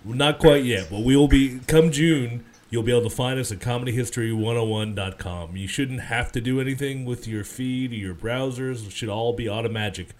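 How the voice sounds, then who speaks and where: A man's voice: mid-range voice, a little fast, hardly any pauses. A man co-hosting a casual comedy podcast, with a dry, wry way of talking. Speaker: podcast co-host.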